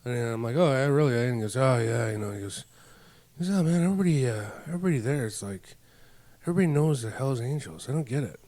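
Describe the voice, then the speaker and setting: A man's voice: mid-range voice, expressive, quick pace, dark tone. Man spinning rambling podcast anecdotes. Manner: rambling anecdotes, acts out quoted dialogue. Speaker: podcast host. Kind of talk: casual storytelling chat.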